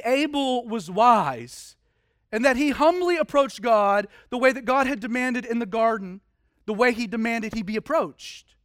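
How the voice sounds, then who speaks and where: A man's voice: very high voice, a bit bright, dry recording, clean studio sound. A man preaching a sermon, telling a story vividly and dramatically with frequent restarts.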